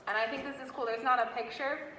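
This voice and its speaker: A woman teacher reading a storybook aloud to a class in an animated way, stopping to ask the children questions. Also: high-pitched, fast. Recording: echoey classroom with long reverb, faint noise.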